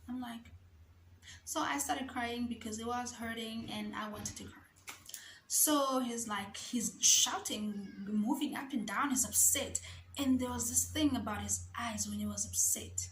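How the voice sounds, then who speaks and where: Young woman, fairly high voice, telling her own story straight to camera in a roomy space with faint hum. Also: measured pace, a bit bright. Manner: candid, emotional, acts out remembered dialogue. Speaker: vlogger.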